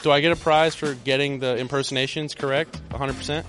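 A man's voice: mid-range voice, fairly even intonation, fairly bright tone, soft background music. A man as a player reporter, joking his way through a casual interview segment. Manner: jokey, quick, upbeat.

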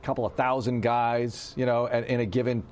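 A man's voice: mid-range voice, little pitch movement, moderate pace, darkish tone. A male radio host in casual sports talk, conversational with restarts as he thinks aloud.

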